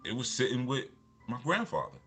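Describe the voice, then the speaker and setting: A man's voice: mid-range voice, huge pitch swings, fairly quick, fairly bright tone, breathy edge, faint music behind. A man, a motivational speaker, telling personal stories in a loose, rambling way, with lots of restarts and repeated fillers. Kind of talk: casual storytelling talk.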